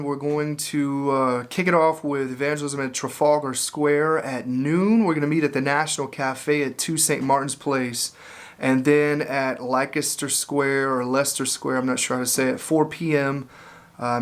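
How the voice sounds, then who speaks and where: A man, an evangelist, casually talking through a trip schedule in a loose, informal way with frequent fillers. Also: medium pitch. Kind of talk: casual spoken announcement.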